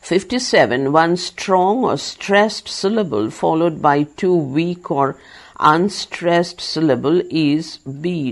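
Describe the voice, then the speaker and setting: A very slow, careful reader working through quiz questions and answers for blind listeners. Each item is read in an even, mid-pitched voice. Punctuation marks are spoken aloud, and some words are spelled out letter by letter. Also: poor audio. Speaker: reader recording a study book for blind listeners. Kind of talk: dictation-style reading of quiz questions and answers.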